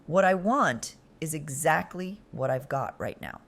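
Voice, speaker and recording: A woman narrator gives voice to a cruel man who mocks without raising his voice. His tone is calm, indulgent and contemptuous, set low yet moving in wide, lively sweeps through a scripted story. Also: full character voice. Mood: cold mockery. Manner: calm, mocking, drawn-out.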